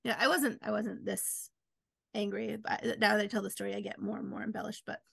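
A woman author telling stories in a casual chat, animated and acting out quoted lines. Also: brisk, gravelly, husky, no echo. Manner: animated, acts out quotes with big pitch jumps. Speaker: author guest.

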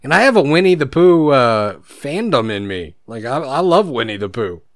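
A man's voice: medium pitch, sing-song, moderate pace, no room sound, clean studio sound. A man co-hosting a casual podcast, telling rambling stories and laughing often. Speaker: podcast co-host.

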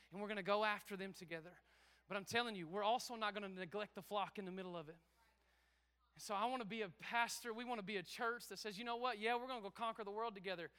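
A man pastor preaching an energetic sermon, calling out to the congregation, a little out of breath. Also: sits high, smooth. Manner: emphatic preaching with call-outs to the congregation.

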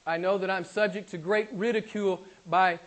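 Emphatic high-voiced male preacher. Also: steady tone, normal speed, rough recording. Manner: emphatic, repeats key phrases, swings from loud to quiet. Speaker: pastor. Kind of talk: sermon. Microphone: recorded for a podcast.

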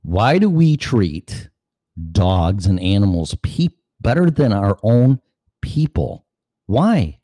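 A man's voice: lowish voice, big pitch swings, slow pace, mellow, no echo, studio quality. A man hosting a show, ranting sarcastically and cursing, now and then acting out other voices. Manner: acts out voices mid-rant. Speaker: show host. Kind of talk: opinion monologue.

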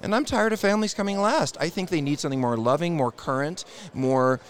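A man's voice: fairly high pitch, brisk. A man appearing as a therapist guest on a podcast, speaking with blunt, emphatic conviction. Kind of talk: casual interview.

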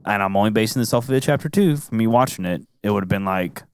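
A man's voice: fairly low pitch, fast talker, smooth. A man hosting a casual movie-review chat, rambling along with lots of "like" fillers. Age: adult. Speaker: podcast host.

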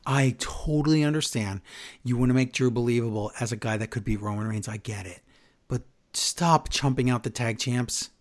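A man co-hosting a podcast, giving a casual, sarcastic recap of a wrestling show. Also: medium pitch. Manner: animated, sarcastic, rapid asides. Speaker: podcast co-host.

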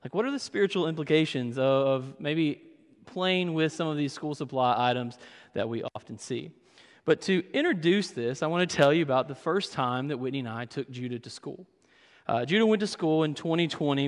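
A young pastor tells funny stories in a sermon, in a fairly high voice. He is preaching in a church sanctuary. The sound rings with a long hall reverb. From Kentucky. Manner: humorous storytelling.

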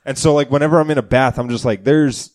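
A man's voice: mid-range voice, steady tone, quick pace, darkish tone. A man hosting a casual comedy podcast, a joking and riffing storyteller. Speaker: podcast host and stand-up comedian.

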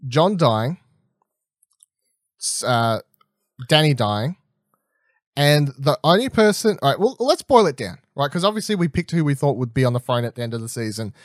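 A man's voice: mid-range voice, moderate pace, long pauses, no room sound. Rambling guy with a dry close sound. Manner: rambling, animated, swears freely, frequent restarts. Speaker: podcast co-host. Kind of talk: casual chat, TV episode predictions.

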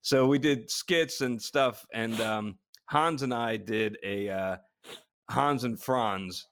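Laughing, animated male storyteller. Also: mid-range voice, slow pace. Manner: animated storytelling, laughing a lot, many restarts. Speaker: podcast co-host, former astronaut. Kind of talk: casual chat.

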